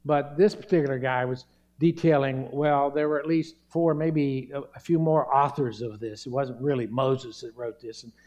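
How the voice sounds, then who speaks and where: Earnest preaching man, mellow voice. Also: mid-range voice, fairly even intonation, normal speed. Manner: earnest, emphatic preaching with stressed words. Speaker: pastor. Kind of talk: sermon.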